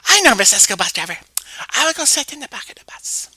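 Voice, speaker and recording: A woman's voice: a little high, very animated, quick pace, sharp tone, husky, no echo, exaggerated voice. A woman voicing a naive, chattering eight-year-old girl who rambles breathily through her story with stammered restarts, often half-whispering. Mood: childish chatter. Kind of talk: comedic one-woman voice sketch.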